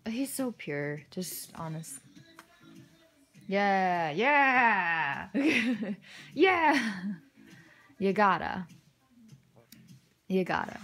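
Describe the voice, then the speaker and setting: A young woman talks through an unboxing in a relaxed, unhurried way, her pitch swinging widely between soft muttered asides and excited bursts. She gushes warmly over what she sees, and faint music plays underneath. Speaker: unboxing vlogger. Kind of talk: casual unboxing commentary.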